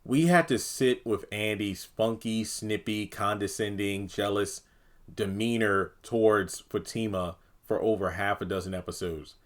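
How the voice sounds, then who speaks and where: A man's voice: lowish voice, fairly even intonation, unhurried. Exasperated man ranting about a TV episode. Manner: exasperated, rambling, acts out characters' lines. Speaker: TV review channel host. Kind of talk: casual solo review talk.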